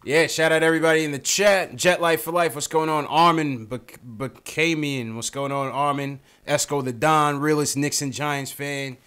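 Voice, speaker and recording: A man hosting a call-in sports podcast, talking in a relaxed, chatty way and often adding "man". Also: on the high side, normal speed, hardly any pauses, smooth. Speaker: podcast host. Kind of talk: casual sports talk.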